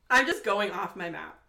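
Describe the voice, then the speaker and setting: A young woman tells a wild story with lots of energy and plenty of swearing, her words packed with "like". Her voice is bright and clear. The room around her has a noticeable echo. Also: mid-range voice. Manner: animated, profane, many "like" fillers. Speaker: podcast guest. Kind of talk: casual storytelling chat.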